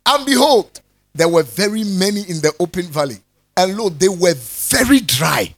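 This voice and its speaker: A man preaches a sermon, his fairly high voice leaping up and down in pitch as he jokes with the people and calls for answers. His delivery is animated and conversational. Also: normal speed. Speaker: pastor.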